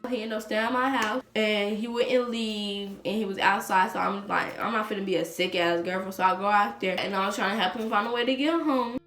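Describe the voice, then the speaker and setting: Fast, blunt teen girl vlogger. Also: mid-range voice, steady tone, fairly bright tone, reverberant, faint music behind. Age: teens. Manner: blunt, profane and fast-talking. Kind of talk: storytime vlog. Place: bedroom at home.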